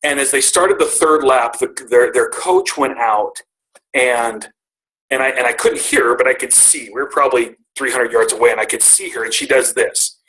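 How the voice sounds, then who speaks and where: Bright-voiced man telling a personal story. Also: medium pitch, moderate pace, low-quality recording. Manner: earnest and emotional, with many restarts. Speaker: speaker on a team call.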